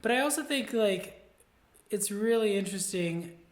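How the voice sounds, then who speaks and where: A man's voice: high voice, lively intonation, moderate pace. A middle-aged man co-hosts a casual chat as a voice teacher. He thinks aloud, often restarts his sentences, and sometimes breaks into vocal demonstrations. At the end he signs off the video in an easy, conversational way. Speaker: voice teacher and co-host.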